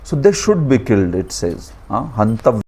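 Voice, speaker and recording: A man's voice: fairly low pitch, big pitch swings, moderate pace, warm tone, husky. A man with an Indian accent teaching a scripture class, lecturing and asking his students questions, with chuckling asides.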